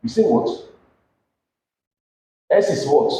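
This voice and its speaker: A man with a Nigerian English accent leads a classroom physics lesson, pressing his students with questions and pushing them to speak up. His voice sits a little high and moves up and down a lot. The room is echoey. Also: expressive, slow pace, mellow, a little hiss or hum. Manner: questioning, coaxing students to answer aloud. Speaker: physics teacher.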